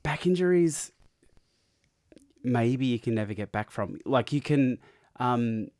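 A man's voice: medium pitch, expressive, slow, a little mellow, dry recording, clean studio sound. A man, co-hosting a casual podcast chat, joking and laughing often. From Australia. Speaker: podcast co-host.

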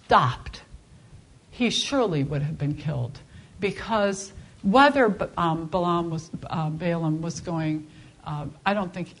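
A woman teaching a Bible class in a conversational, expressive way, often restarting her sentences. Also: lowish voice, husky. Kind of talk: informal Bible class lecture.

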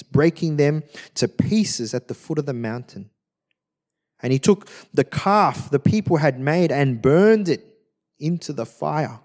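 A man preaching a sermon, reading scripture aloud and retelling it in an expressive, conversational way. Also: mid-range voice. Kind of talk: sermon, Bible teaching.

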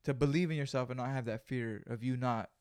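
A man talking casually on a podcast, loose and full of swearing, now and then breaking into a squeaky laugh. His pitch sits in the middle for a man. The sound is dry and close, with no room around it. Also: fairly quick, darkish tone, clear, resonant tone, no echo. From Mexican heritage. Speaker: podcast co-host. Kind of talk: casual chat.

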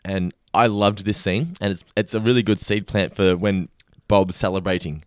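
A man's voice: low voice, fairly even intonation, normal speed, clear, resonant tone, no room sound, clean studio sound. A man co-hosting a podcast, chatting casually and enthusiastically while walking through an episode recap. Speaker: podcast co-host. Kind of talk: casual chat.

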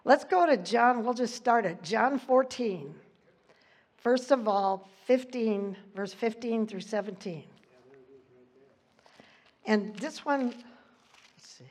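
A woman's voice: on the high side, slow, long pauses, darkish tone. A woman giving an informal, chatty sermon, laughing often and losing her place in the text, leaning hard on key words. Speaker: preacher.

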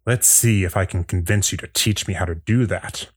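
A man's voice: sits low, normal speed, husky, dry recording, clean studio sound. An actor reading a gloating male villain entity that absorbs powers, at a table read of a fan script. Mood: gloating menace. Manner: gloating, sinister.

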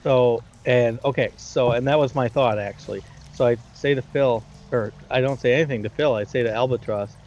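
A man's voice: medium pitch, a little fast, few pauses, a little mellow. A man playing a tabletop game, chatting eagerly and often restarting his sentences, on a dull recording with a faint hiss. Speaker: player. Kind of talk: casual tabletop game chat.

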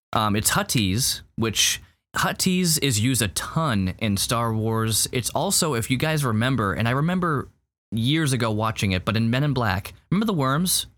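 A man's voice: mid-range voice, fairly bright tone. A man co-hosting a podcast, reviewing a show in casual chat, rambling with lots of fillers and restarts. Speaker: podcast co-host.

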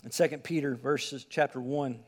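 A man's voice: medium pitch, fairly even intonation, moderate pace, long reverb tail. A man preaching a sermon, reading scripture and explaining it in an earnest, emphatic way, asking the listeners direct questions.

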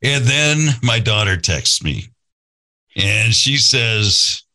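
A man's voice: fairly low pitch, very animated, takes it slowly, bright, forceful tone, low-quality recording. A man in his sixties, a podcast host, telling his own life story in an earnest, reflective, conversational way, thinking aloud as he goes. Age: 60s.

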